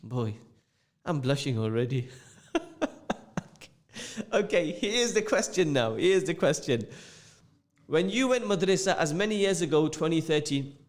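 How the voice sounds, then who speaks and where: A man hosting a radio show with a mixed northern English and London accent, chatting casually, joking and repeating phrases as he reads out listener messages. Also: a little high. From England. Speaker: radio host. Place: radio studio.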